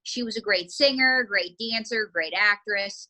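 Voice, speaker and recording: A woman ventriloquist teaching a beginner in an upbeat, coaching way with quick asides. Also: mid-range voice, sharp tone.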